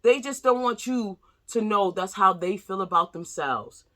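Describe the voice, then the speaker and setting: A middle-aged woman with a mid-range, bright and forceful voice gives her viewers a tarot reading, speaking a little slowly. Her casual monologue is chatty, sassy and direct.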